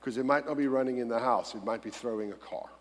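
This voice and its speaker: A man of middle pitch co-presents a church breakout session, mixing practical advice with dry jokes. His voice carries a long reverb through a large hall. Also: fast. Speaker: conference speaker.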